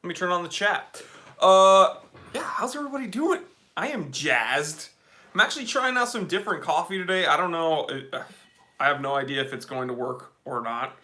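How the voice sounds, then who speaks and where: A man's voice: on the high side, animated, moderate pace, bright, forceful tone. A man hosting a casual live stream, chatting upbeat and reading out viewer comments with lots of fillers.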